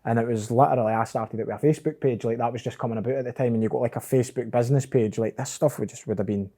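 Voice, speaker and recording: Quick Scottish man hosting a podcast. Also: mid-range voice, fairly even intonation, dark tone. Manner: chatty, encouraging, lots of quick agreements. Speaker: podcast host. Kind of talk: casual podcast chat.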